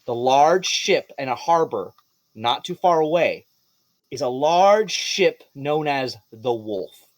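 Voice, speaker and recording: A man narrating a live tabletop game as game master, animated and playful, slipping into quick character voices. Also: medium pitch, dry recording.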